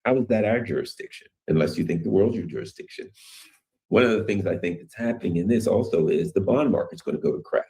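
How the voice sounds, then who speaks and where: A man's voice: fairly low pitch, fast talker, dark tone. A man giving rambling, conversational commentary on world news, full of rhetorical questions. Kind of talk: casual political commentary.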